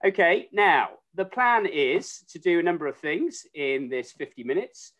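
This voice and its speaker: A man hosting a video call show in a playful, teasing way. His voice sits a little high for a man. He sounds like he is speaking into a home computer mic. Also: very animated, a little slow. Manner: jokey, warmly teasing. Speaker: host.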